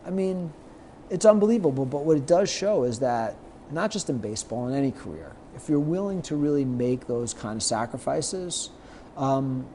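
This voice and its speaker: A middle-aged man, a guest on an interview show, telling anecdotes lively and acting out the lines of the people in them. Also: medium pitch, normal speed, slight background noise. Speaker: guest, sports marketer. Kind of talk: storytelling in a podcast interview.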